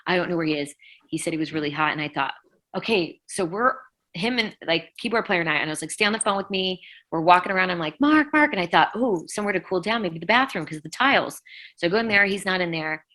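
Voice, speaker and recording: A middle-aged woman with a low voice tells a painful story as an interview guest. Her tone is bright and forceful, and she acts out each quoted line with lots of "like"s as she goes. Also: fast talker, poor audio. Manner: vivid retelling, acting out quotes, many "like"s. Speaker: rock vocalist, interview guest.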